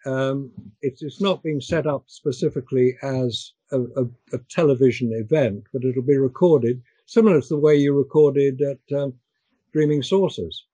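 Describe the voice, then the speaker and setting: An older man chatting on a discussion call, pausing and repeating words as he talks. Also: medium pitch, dark tone, husky, no echo, dull audio. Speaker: guest. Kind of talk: casual chat.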